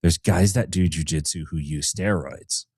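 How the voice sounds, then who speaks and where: Male co-host, low voice, dry close mic, relaxed and wry, coach talk. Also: normal speed, slightly rough, dry recording. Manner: laid-back, wry, laughs while talking. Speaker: podcast co-host and grappling coach. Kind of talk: casual podcast chat.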